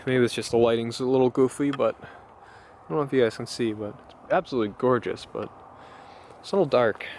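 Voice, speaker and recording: With a mid-range voice and a bit of background noise, a Canadian man vlogs casually about his hobby car. It's a rambling, enthusiastic show-and-tell full of ums and uhs.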